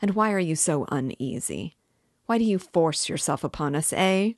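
A woman's voice: sits low, lively intonation, normal speed, no room sound, clean studio sound. A woman voicing a sly, good-humored male examining lawyer who questions mockingly, in an audiobook reading. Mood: teasing. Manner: teasing, mock-friendly questioning.

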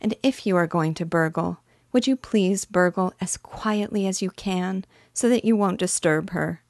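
A woman voicing a grave, very polite seven-year-old girl who speaks softly. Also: lowish voice, moderate pace, no room sound, studio quality, close to an everyday voice. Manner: soft and very polite.

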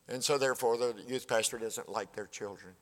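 Speaking fairly quickly at a medium pitch, a pastor in his seventies delivers a folksy, plainspoken sermon full of stories, acting out conversations. The church sanctuary gives the recording a hall reverb.

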